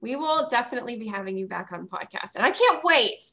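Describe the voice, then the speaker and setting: A woman's voice: fairly high pitch, lively intonation, quick pace, pushed and bright. A woman in her forties hosting a podcast, gushing and enthusiastic toward her guest. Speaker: podcast host. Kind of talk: casual interview chat.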